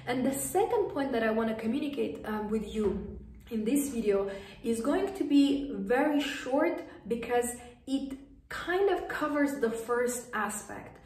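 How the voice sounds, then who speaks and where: Female coach, high voice, firm repeated commands; roomy distant recording. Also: expressive, unhurried, a little mellow. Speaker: lifestyle coach. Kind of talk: motivational advice to camera. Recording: echoey room, voice distant from mic.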